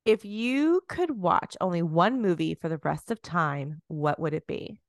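A woman in her forties co-hosting a comedy podcast, animated and quick with asides. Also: fairly low pitch, no echo, clean studio sound. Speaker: podcast co-host. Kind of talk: casual comedic chat.

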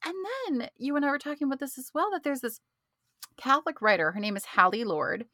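A middle-aged woman co-hosting a podcast, an animated storyteller who laughs often in casual chat. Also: sits high, brisk, no room sound, clean studio sound. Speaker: podcast co-host.

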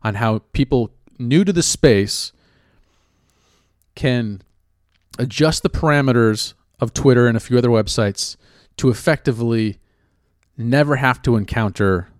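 A man hosting a podcast, talking through his thoughts in a reflective, measured way and often rephrasing himself. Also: medium pitch, dry recording, studio quality. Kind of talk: casual spoken commentary.

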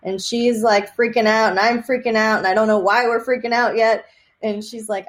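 A woman from Texas, a psychic medium, chatting in an interview and telling lively stories with many fillers and laughs. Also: fairly high pitch, normal speed. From Austin, Texas. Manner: animated storyteller, laughs often, many fillers. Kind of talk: casual interview chat.

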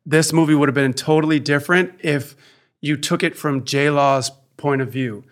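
A man's voice: fairly high pitch, steady tone, moderate pace. Rambling man in casual chat. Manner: rambling, full of "like" and "um". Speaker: podcast co-host.

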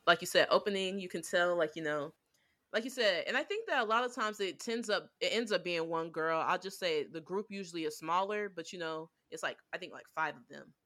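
Bright-voiced woman chatting loosely. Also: lowish voice, fairly quick. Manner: rambling with frequent fillers; animated retelling of scenes. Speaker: podcast co-host. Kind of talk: casual anime review chat.

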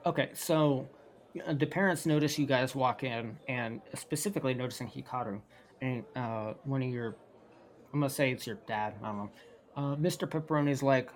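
A man narrating as game master of a tabletop role-play game, rambling and pausing to sort out details. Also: medium pitch. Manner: rambling, with filler words and restarts.

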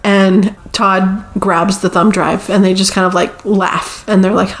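Woman podcast host, chatty plot recap, swears a bit, normal pitch. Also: flat delivery. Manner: chatty storytelling with quick character voices, swears casually. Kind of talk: casual movie recap.

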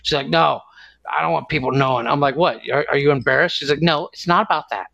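A man's voice: a little high, fast talker, gravelly, sharp tone, no echo, lo-fi sound. A man co-hosting a casual podcast, telling stories with lots of laughter and acted-out quotes. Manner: storytelling, laughs often, acts out quotes. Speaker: podcast co-host. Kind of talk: casual chat.

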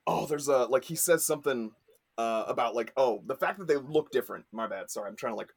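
A man's voice: medium pitch, animated, fast talker, breathy edge. A man chatting as a podcast guest, rambling with lots of fillers and restarts. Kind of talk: casual chat.

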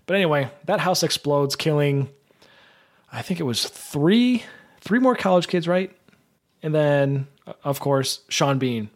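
A man's voice: fairly high pitch, lively intonation, unhurried. Rambling, chatty man hosting a podcast. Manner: rambling, self-correcting, chatty. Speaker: podcast host. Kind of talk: casual solo podcast recap.

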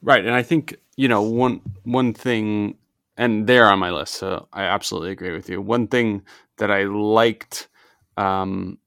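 Gravelly low-voiced man talking sports. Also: steady tone, a bit bright, no room sound, clean studio sound. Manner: chatty, opinionated, quick asides. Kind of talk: casual sports podcast chat.

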